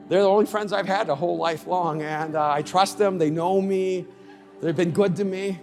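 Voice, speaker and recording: A middle-aged male pastor preaching a conference sermon, moving from storytelling to shouted, emphatic peaks. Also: high-pitched, fairly quick, in a large hall, soft background music. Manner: builds from conversational storytelling to shouted crescendos.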